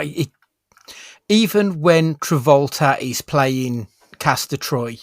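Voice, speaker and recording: A man's voice: fairly high pitch, no echo, studio quality. A man co-hosting a podcast in casual chat, enthusiastic and rambling, with casual swearing. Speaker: podcast co-host.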